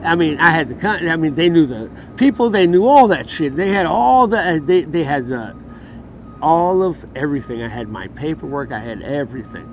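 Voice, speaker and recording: A man's voice: fairly high pitch, sing-song, moderate pace. Heated, profane man telling his story outdoors. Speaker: interviewee. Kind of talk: casual street interview. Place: outdoors in a city. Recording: outdoor street noise.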